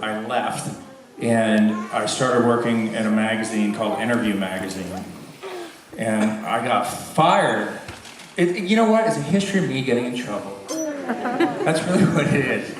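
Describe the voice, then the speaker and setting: A man answering audience questions at a convention, telling self-mocking stories with frequent laughs. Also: mid-range voice. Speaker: convention guest actor. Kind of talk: casual Q&A storytelling. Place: convention hall. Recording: echoey hall, far from mic, crowd. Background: crowd.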